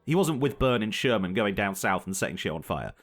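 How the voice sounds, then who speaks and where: Laughing, animated young male podcast host. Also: on the low side, a little fast, soft background music. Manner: laughs often, animated storytelling. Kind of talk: casual chat.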